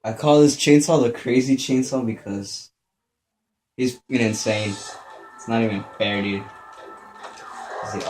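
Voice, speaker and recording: A man's voice: medium pitch, moderate pace, pauses often. Foul-mouthed man yelping over gameplay. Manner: swears constantly, yelps in panic when startled; mutters quietly to himself between outbursts. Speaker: gameplay commentator. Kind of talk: profane let's-play commentary. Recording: roomy echo with steady background noise.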